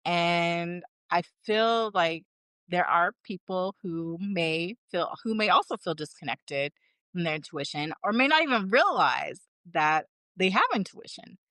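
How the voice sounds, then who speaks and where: A woman co-hosting a podcast in casual chat, telling stories in an animated way and acting out her own past lines. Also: on the low side, dry recording, studio quality. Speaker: podcast co-host.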